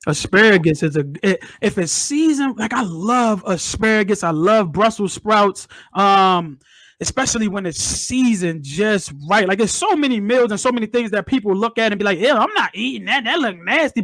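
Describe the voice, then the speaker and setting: A man's voice: sits high, lively intonation, normal speed, a bit bright, dry recording. A man from Maryland hosting a casual interview, enthusiastic and prone to repeating words as he starts his questions. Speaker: interview host.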